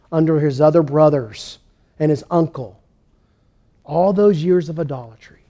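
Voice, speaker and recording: A man with a high-pitched voice preaching a sermon. He tells the story in an animated way and voices the kings and prophets he quotes. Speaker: pastor.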